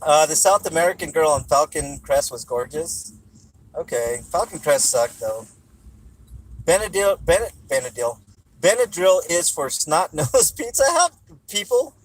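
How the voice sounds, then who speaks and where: Male streamer, casual and jokey, somewhat high voice, reads chat comments aloud. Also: animated, a little slow, low-quality recording. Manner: talks while chewing gum. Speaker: livestream host.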